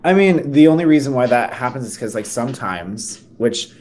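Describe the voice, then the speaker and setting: A man's voice: mid-range voice, expressive, normal speed, darkish tone. A young man co-hosting a podcast in casual chat, rambling with many fillers and restarts. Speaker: podcast co-host.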